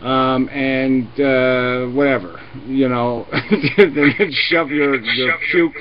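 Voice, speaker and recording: A man's voice: medium pitch, fairly even intonation, takes it slowly, a crowd in the background. A man hosting a livestream who argues heatedly, ranting and cursing as he mocks imagined replies. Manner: profane, ranting, mocking imagined quotes. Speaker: livestream host. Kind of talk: heated argumentative debate. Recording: dull lo-fi stream audio.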